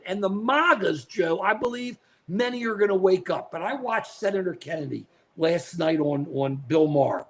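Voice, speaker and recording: Older guy with a high voice ranting about politics on a live show, angry and emphatic, keeps repeating himself. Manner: outraged, emphatic, repeats phrases, addresses co-host by name. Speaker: political talk show co-host. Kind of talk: impassioned political commentary.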